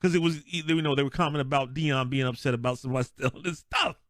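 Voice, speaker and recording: A man's voice: on the high side, quick pace, no echo, clean studio sound. A man co-hosting a podcast in casual sports chat, telling stories with lots of laughter and acting out what people said. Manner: animated storyteller, laughs often, acts out quotes. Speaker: podcast co-host.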